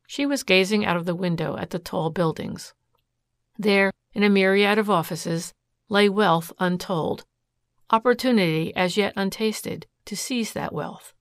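Woman, audiobook narrator, steady storytelling, gravelly fry, dry close sound. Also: mid-range voice, no echo. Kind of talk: scripted narration.

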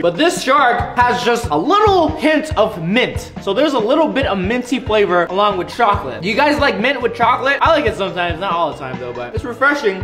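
A young man chatting excitedly through a casual food taste-test vlog, full of tasting noises and quick reactions. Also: high-pitched. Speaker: vlogger. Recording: echoey room with background music.

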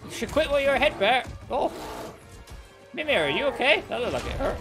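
Excitable jokey man, high lively voice. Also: brisk. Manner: excitable, jokey, talks to game characters. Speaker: gaming commentator. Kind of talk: let's play commentary. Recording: game music playing behind the voice. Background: game soundtrack music.

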